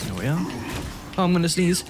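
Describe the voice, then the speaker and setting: A man's voice: fairly high pitch, very animated, a little fast, noisy background. A man giving casual commentary on his own gameplay, thinking aloud and chuckling to himself. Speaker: gaming YouTuber.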